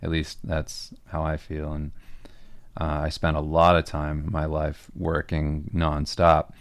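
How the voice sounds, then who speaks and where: A man with a very low, gravelly voice that barely moves in pitch talks casually on a livestream, answering viewer questions about his art. He rambles in a relaxed way, full of fillers and restarts, and his voice sounds close and dry. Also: dry recording. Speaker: comic artist and podcast co-host.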